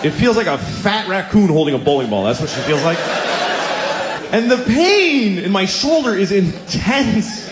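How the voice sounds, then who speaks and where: A middle-aged man performing stand-up comedy, telling stories in a blunt, exasperated, deadpan way on a club stage. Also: high voice, normal speed, noisy background. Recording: roomy club, crowd laughter.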